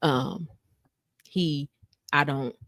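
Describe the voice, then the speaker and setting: Brief: woman podcast co-host, lower voice, dry close mic, animated gossip recap. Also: very slow, no echo. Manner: animated storytelling, acts out voices of people she quotes. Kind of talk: casual chat recapping a reality show.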